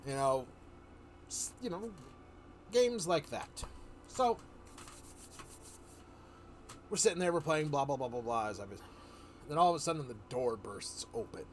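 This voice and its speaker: A man's voice: a little high, lively intonation, a little hiss or hum. Rambling man telling a story casually. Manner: rambling, loose, self-correcting; acts out characters' lines in quick voices. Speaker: livestream storyteller.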